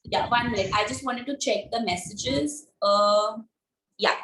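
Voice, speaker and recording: Young woman teaching storytelling over a video call; high voice, echoey room, patient and repetitive. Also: unhurried, a bit bright. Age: young adult. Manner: explanatory, repeats key points. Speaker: storytelling workshop presenter. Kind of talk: teaching a workshop.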